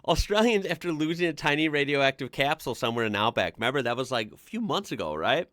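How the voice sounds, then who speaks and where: American male vlog host, laid-back and rambling, laughs a lot, mid pitch, dry close recording. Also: lively intonation, quick pace, fairly bright tone, no echo. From United States. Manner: chatty, laughs often, frequent "like" fillers. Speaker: reaction channel host. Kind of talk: casual reaction commentary.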